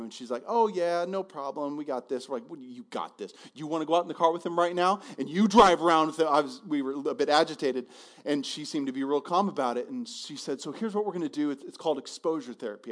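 A man preaching a sermon as a pastor, telling a personal story and acting out the voices of the people in it. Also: on the high side. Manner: animated, acts out voices in his stories.

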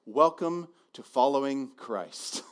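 A male pastor preaching a sermon in a conversational, animated way, often repeating words as he goes. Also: mid-range voice, takes it slowly, smooth.

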